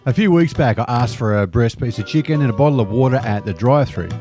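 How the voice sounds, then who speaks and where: Wry Australian man, lively voice-over. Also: medium pitch, fast talker, soft background music. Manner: wry, joking delivery. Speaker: vlogger. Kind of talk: scripted narration.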